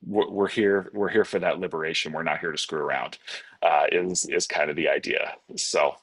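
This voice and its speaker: A man giving a Buddhist dharma talk in a relaxed, rambling way, with many fillers and restarts, over a video call. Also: low-pitched, normal speed, breathy edge. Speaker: Buddhist teacher.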